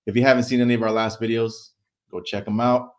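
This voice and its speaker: A man co-hosting a casual sports chat show, relaxed and easygoing, often trailing off into filler words. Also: medium pitch, fast talker. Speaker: co-host.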